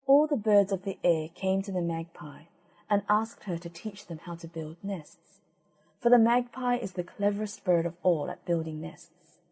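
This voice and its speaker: A woman reading old fairy tales aloud as an audiobook narrator, gentle and measured. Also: fairly low pitch, lively intonation, slightly rough. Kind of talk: storybook reading.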